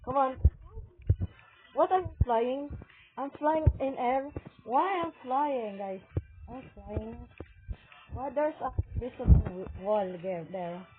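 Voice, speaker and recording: A woman giving casual gameplay commentary, excitedly exclaiming at the game and talking to her viewers. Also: a little high, takes it slowly, background noise. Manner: talks to viewers as "guys". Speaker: gaming video creator. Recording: tinny phone-like audio with faint game music.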